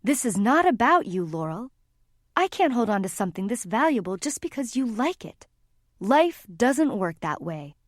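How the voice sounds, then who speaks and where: A woman's voice: mid-range voice, expressive, moderate pace, a little mellow, dry recording, studio quality, close to an everyday voice. A woman narrator voicing a worried, tired middle-aged mother who talks in a strained, pleading way near tears.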